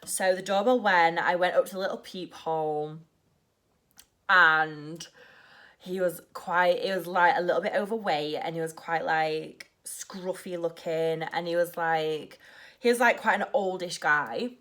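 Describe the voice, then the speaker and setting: Nervous, rushed woman vlogger. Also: lowish voice, fairly bright tone. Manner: rushed and nervous, heavy use of "like". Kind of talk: casual storytelling vlog.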